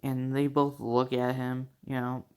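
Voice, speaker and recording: Slow, rambling young man telling a story. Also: mid-range voice, monotone, smooth. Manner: rambling, full of fillers and swearing, laughs at his own story. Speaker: channel host. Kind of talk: casual fan-fiction storytelling.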